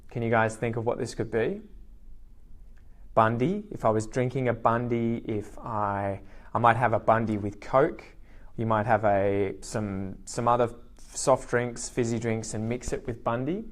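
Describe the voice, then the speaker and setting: A man with an Australian accent teaching slang in a live online lesson, lively and repeating key words slowly. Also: mid-range voice. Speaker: English teacher.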